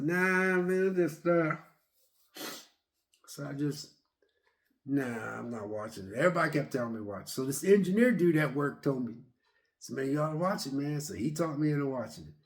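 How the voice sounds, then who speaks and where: A middle-aged man in a casual vlog, excitedly retelling a movie's scenes and acting out the characters' lines. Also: a little high. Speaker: vlogger reviewing a movie.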